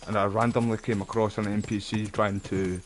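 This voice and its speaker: A man's voice: lowish voice, flat delivery, brisk, slight background noise. A Scottish man streaming live gameplay, rambling in a chatty way and swearing casually. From Scotland.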